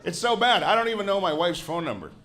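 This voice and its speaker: A man's voice: high voice, sing-song, quick pace, sharp tone. A man in his forties, a Canadian comedian, doing a grouchy, sardonic stand-up set with plenty of swearing on a club stage into a handheld mic. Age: 40s.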